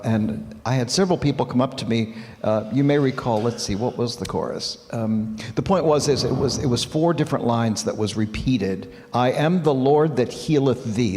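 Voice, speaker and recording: A man leading church music, speaking in a middle-pitched voice with a long hall reverb around him. He talks animatedly and encouragingly in a dialogue sermon, demonstrating points as he goes. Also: a little mellow. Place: church sanctuary.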